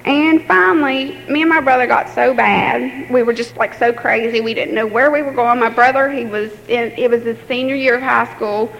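Halting young woman telling a family story. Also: a little high, fairly even intonation, creaky, fairly bright tone, highs cut off. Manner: halting, many fillers and restarts, laughs nervously. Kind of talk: personal storytelling. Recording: echoey room with faint background hiss.

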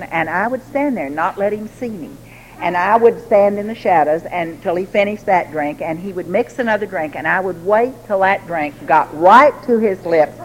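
A woman telling a personal story to a recovery group, lively and laughing, acting out the voices she quotes. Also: mid-range voice, low-quality recording. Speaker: recovery meeting speaker.

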